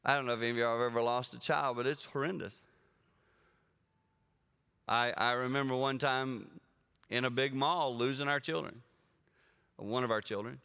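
Animated preacher in a reverberant hall. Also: male voice, mid-range voice, moderate pace, gravelly, long pauses, clear, resonant tone. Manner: animated storytelling, addresses the congregation directly. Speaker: guest speaker. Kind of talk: sermon. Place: church auditorium with an audience. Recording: long reverb of a large hall.

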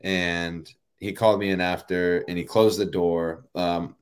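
A man in his thirties, a baseball player, telling a story in a relaxed, rambling way full of fillers. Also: deep voice, measured pace, clear, resonant tone. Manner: relaxed, rambling, many fillers like "you know" and "like". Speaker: professional baseball player, guest. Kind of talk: casual interview storytelling.

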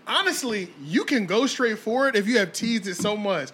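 A man on a podcast, chatting casually in a boastful, animated way. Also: high-pitched, normal speed, slightly rough. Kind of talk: casual chat.

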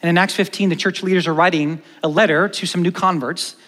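A man preaching a sermon as pastor, animated, moving between loud stresses and hushed emphatic lines, in a church hall. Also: sits high, fairly quick. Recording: long church-hall reverb.

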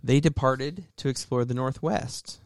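A man co-hosts a local radio show in a loose, chatty manner. His voice is smooth and resonant. The studio sound is dry and close. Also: medium pitch, measured pace, no room sound. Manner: relaxed, chatty, lots of fillers and restarts. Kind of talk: casual local radio chat.

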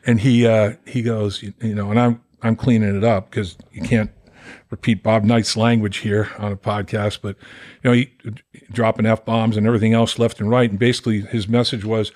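An older man in his sixties from Massachusetts, a podcast guest telling lively stories in casual chat and acting out the voices of the people he quotes. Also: on the low side, moderate pace. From Boston area, Massachusetts. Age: 60s. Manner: animated, acts out quoted voices, laughs while telling stories. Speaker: podcast guest, former pro football player. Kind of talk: casual storytelling.

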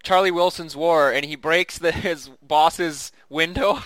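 A man's voice: a little high, unhurried, fairly bright tone, dry recording. A man co-hosting a casual podcast chat, rambling with restarts and chuckling often. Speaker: podcast co-host.

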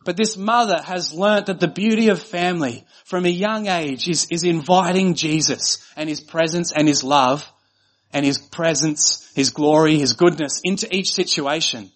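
A man's voice: fairly high pitch, moderate pace. A man preaching a sermon as pastor, earnest and conversational, building points through repeated phrases.

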